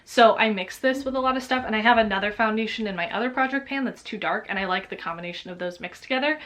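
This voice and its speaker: A young woman talking about makeup in a casual vlog, dramatic and swearing, growing loud when excited. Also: a little high, fast. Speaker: beauty vlogger.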